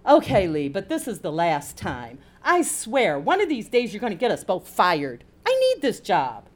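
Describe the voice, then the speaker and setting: A woman's voice: medium pitch, wildly swooping pitch, normal speed. A woman voicing a wary, gossipy young housekeeper. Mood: reluctant.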